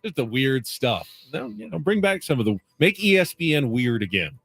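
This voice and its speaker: A man co-hosting a sports radio show, chatting casually and chiming in with quick asides. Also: on the high side, big pitch swings, gravelly, fairly bright tone, slightly rough. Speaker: radio co-host.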